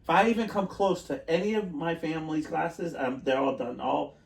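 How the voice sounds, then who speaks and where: A man's voice: on the high side, steady tone, moderate pace, vocal fry. A man co-hosting a podcast in casual chat, rambling and laughing often, trailing off mid-sentence. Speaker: podcast co-host. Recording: roomy, distant mic.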